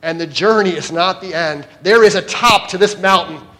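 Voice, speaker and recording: A man preaching a sermon, swinging between loud, emphatic lines and hushed, soft ones. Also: high voice, moderate pace.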